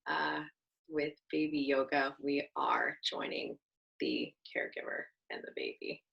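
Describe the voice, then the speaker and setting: A young woman teaching a baby yoga class, talking gently and soothingly with a sing-song lilt. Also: extremely low pitch, wildly swooping pitch, a little slow, gravelly, muffled recording. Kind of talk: guided class instruction with singing.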